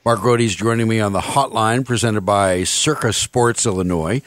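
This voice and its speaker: A man's voice: lowish voice, normal speed, a bit bright, no room sound. A man hosting a sports radio show, giving wry, sardonic commentary.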